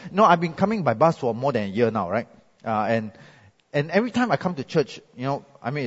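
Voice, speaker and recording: Husky Singaporean pastor in echoey hall. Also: male voice, medium pitch, highs cut off. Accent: Singaporean English. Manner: chatty, animated storytelling with frequent "right?" tags. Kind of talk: sermon. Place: church hall.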